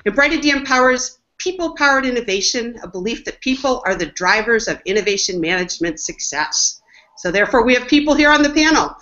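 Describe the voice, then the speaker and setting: A woman hosts an online business panel, giving upbeat, enthusiastic introductions. Her voice sits fairly high. The audio is muffled and lo-fi, like a webinar stream. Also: lively intonation, fairly quick, fairly bright tone. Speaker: webinar host, marketing executive.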